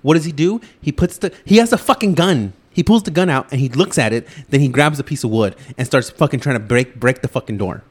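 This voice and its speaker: A man hosting a podcast, ranting loudly and swearing nonstop as he reviews a movie. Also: medium pitch, animated, slightly rough. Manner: loud, swearing, rapid ranting. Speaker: podcast host. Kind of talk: profane movie-review rant.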